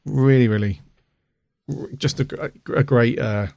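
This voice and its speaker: A man's voice: medium pitch, unhurried, creaky, darkish tone, no room sound, studio quality. A middle-aged man co-hosting a podcast, rambling casually with lots of fillers and restarts. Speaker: podcast co-host. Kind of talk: casual chat.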